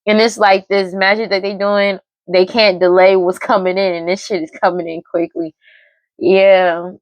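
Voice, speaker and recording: A woman's voice: mid-range voice, little pitch movement, moderate pace, dry recording, low-quality recording. A woman giving a casual tarot reading to camera, blunt and slangy, often laughing and swearing. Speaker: tarot reader.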